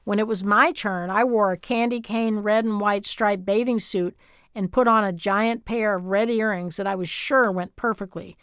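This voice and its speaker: A woman from Texas reading her memoir as scripted audiobook narration, in a measured, even storytelling manner. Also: mid-range voice, smooth, dry recording, clean studio sound.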